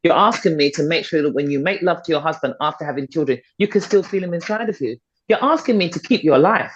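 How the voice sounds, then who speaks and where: A woman's voice: low voice, lively intonation, fast talker, slight background noise. A middle-aged woman, a fitness and confidence coach, speaking as a podcast guest in an emphatic, persuasive way and repeating points for stress. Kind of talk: motivational conversational talk. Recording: dull, slightly lo-fi podcast audio.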